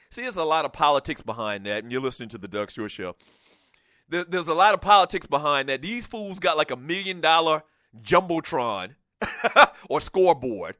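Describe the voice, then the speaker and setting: Picture a Southern radio host with a thick Geechee accent, telling a football story in a high, bright voice. He gets animated and loud when he reaches the big moments. The mic sounds close and dry, with no room echo. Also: moderate pace. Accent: Geechee, South Carolina Lowcountry. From South Carolina. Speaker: radio talk show host. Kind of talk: casual sports talk radio.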